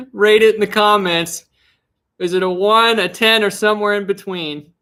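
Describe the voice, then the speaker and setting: A man's voice: sits high, fairly even intonation, measured pace, long pauses, sharp tone, faint music behind. A young man chatting casually on a live stream, rambling and restarting his sentences, with frequent laughs. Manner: rambling, self-interrupting, giggly.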